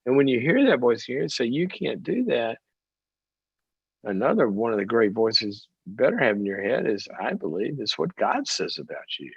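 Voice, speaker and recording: A creaky, slightly rough, medium-pitched male voice belongs to a middle-aged call-in show host who is also a psychologist. He narrates stories with animation, imitating the voices of those he quotes. The recording is a dull, dry close mic with no echo.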